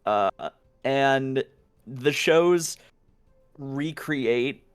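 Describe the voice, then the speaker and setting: A man's voice: medium pitch, very slow, smooth, no echo, soft background music. A man co-hosting a live stream, telling a rambling story with plenty of swearing and giggles. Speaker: co-host on a stream. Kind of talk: casual anecdote-telling.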